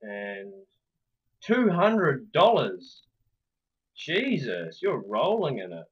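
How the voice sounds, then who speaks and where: A man giving casual let's-play commentary, swearing often and swinging between low muttering and loud outbursts. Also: huge pitch swings, very slow, long pauses, slightly rough, highs cut off. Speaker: gameplay commentator.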